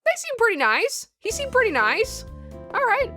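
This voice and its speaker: A playful woman chats over her gameplay in a bright, bouncy voice, giggling between reactions. Her pitch swings up and down with every reaction. Game music plays clearly behind her. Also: huge pitch swings, a little fast. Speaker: let's play host. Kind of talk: casual gameplay commentary.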